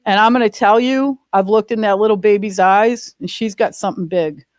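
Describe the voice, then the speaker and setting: A woman's voice: mid-range voice, a little fast, no echo. A woman sharing a personal story in a spiritual group, emphatic and earnest. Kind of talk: personal testimony.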